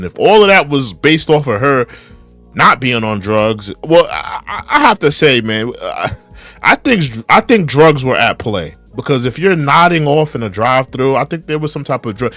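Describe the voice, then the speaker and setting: Animated young man asking rhetorical questions. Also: mid-range voice, moderate pace, no echo, faint music behind. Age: young adult. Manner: animated, repeats rhetorical questions, reads viewer comments aloud. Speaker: reaction video host. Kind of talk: casual live commentary.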